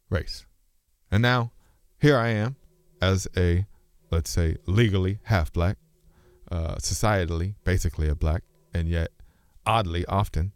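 A man with a very low voice thinks out loud in a loose, meandering monologue. He stops and restarts his sentences and sometimes drifts between registers of speech. The recording is close and dry, with no room sound. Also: clean tone, no echo. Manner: rambling, musing, self-interrupting. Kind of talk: casual philosophical monologue.

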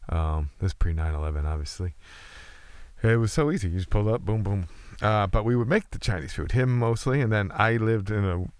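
A man's voice: fairly low pitch, brisk, clear, resonant tone, dry recording. A man hosting a casual chat, telling loose, profane, rambling stories with frequent restarts.

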